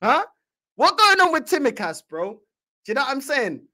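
Lively, slangy London channel host. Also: female voice, high voice, moderate pace. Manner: teasing, slangy, constant filler questions. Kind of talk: casual reaction commentary.

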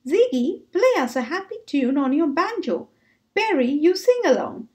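A woman's voice: high-pitched, very animated, normal speed, a little mellow. Bradley, a woman voicing a brave bear. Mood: determined. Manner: cheerful and determined. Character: brave kind male bear hero.

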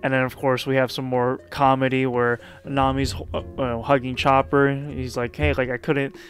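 A man's voice: mid-range voice, flat delivery, fairly bright tone, faint music behind. A man casually recapping and commenting on a manga chapter in a loose, chatty way, with plenty of fillers. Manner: loose, chatty retelling with frequent fillers and quick laughs.

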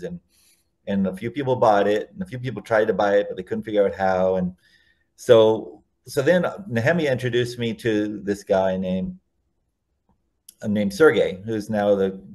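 Low-voiced man telling rambling anecdotes. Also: a little mellow. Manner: rambling, self-correcting anecdotes. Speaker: guest. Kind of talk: casual interview storytelling.

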